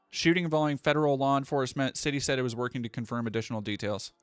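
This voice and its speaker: A man's voice: medium pitch, very fast, few pauses, clean tone, no room sound, soft background music. A man from New England doing live-stream commentary, ranting in a profane, heated way.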